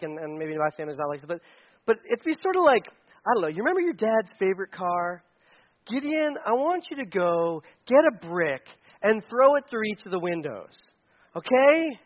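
Male preacher, high voice, casual storytelling sermon, playful and animated, muffled lo-fi sound. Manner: animated, acts out characters' lines with jokes and laughs.

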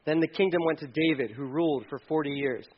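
Animated man preaching in a high voice. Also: quick pace, husky, dull audio. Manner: animated, acts out the king's lines with humor. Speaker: pastor. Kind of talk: sermon.

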